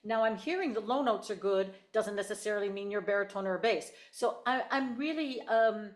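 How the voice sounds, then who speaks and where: A woman teaches singing through a video call, going over each point carefully and saying it more than once. She speaks briskly at a medium pitch.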